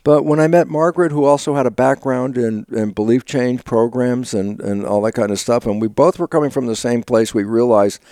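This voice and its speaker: An older man, an interview guest, telling stories with lively acted-out dialogue, sudden loud bursts and frequent laughs. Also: medium pitch, no room sound, studio quality. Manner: laughs often while talking. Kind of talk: animated conversational storytelling.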